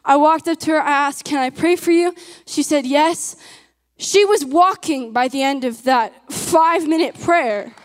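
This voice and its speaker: A woman delivers a sermon in a high voice, earnest and emphatic, often turning questions back on her listeners. Her words carry through a large hall, trailed by a long echo.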